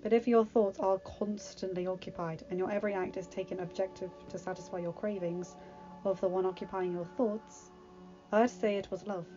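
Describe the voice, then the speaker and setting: A wry, gently teasing guard captain gives fatherly advice, as a woman reader puts him on. The voice is mellow and unhurried. It sounds like a dull lo-fi recording with faint music behind. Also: medium pitch, fairly even intonation, lightly acted. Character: adult man, a teasing, fatherly palace captain.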